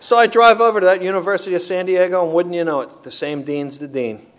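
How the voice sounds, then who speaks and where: A man telling his recovery story to a meeting in an earnest, animated way. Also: high voice, quick pace. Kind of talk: personal recovery testimony.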